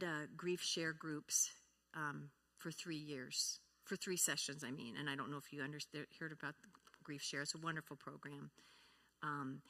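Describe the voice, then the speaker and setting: Woman church speaker, bright tone, interactive teaching style that quizzes the audience. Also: low voice. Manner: asks the audience questions and acts out example replies. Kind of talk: teaching talk to a congregation.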